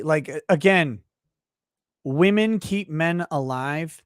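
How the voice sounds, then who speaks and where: A man's voice: a little high, animated, unhurried, no echo, studio quality. A man hosting a livestream who rants in a blunt, profane, riffing way. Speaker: livestream show host. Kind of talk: casual livestream rant.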